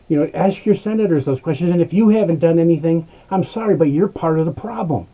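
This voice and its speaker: Fired-up ranting man, dark husky voice. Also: a little high, quick pace, hardly any pauses, low-quality recording. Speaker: host. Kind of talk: ranting political commentary.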